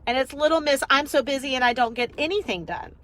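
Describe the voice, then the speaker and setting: A woman business coach chatting casually on a live video, rambling and energetic, talking into a phone while driving. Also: high voice, fast talker, low-quality recording.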